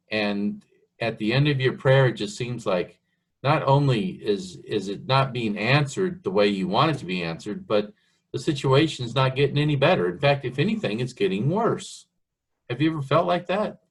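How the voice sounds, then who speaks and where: A male preacher gives a sermon slowly and carefully. His voice is a little husky, and his pitch rises and falls a lot as he reads and explains scripture. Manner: slow, earnest, asks the listener questions. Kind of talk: sermon, Bible teaching.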